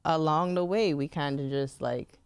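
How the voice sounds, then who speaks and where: A woman co-hosting a podcast in casual, chatty talk, laughing often and filling pauses with "um" and "like". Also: low-pitched, steady tone, clean tone, no echo. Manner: chatty, laughing, lots of fillers. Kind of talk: casual chat.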